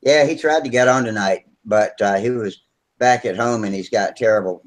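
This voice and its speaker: A man's voice: on the low side, moderate pace. A man hosting a hobby video hangout, chatting casually with easygoing, brief replies on a video call. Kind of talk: casual chat.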